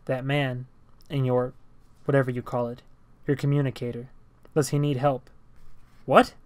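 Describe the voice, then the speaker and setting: A man voicing a thin, eerie male stranger who speaks in a calm, stilted, robotic way. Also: mid-range voice, no echo, lightly acted. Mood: measured. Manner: speaks robotically, flat, measured, hushed.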